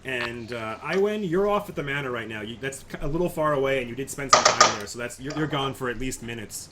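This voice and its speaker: A man's voice: medium pitch, fast, very noisy. A man narrating a tabletop game as game master, talking casually with frequent stammers and restarts.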